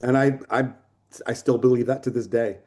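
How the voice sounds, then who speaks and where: A man in his sixties telling stories of his career as a photographer in a casual interview, lively, swearing, acting out the people he quotes. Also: mid-range voice, normal speed. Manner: animated, swearing storyteller who acts out quotes. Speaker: photographer guest.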